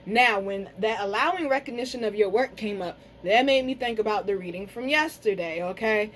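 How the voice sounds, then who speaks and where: A woman giving a casual card reading to camera, talking frankly to her viewers, cursing freely and slowing down to say some words carefully. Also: medium pitch, slight background noise, rough recording. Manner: frank, chatty, curses freely, addresses viewers as y'all. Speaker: tarot and spiritual reader.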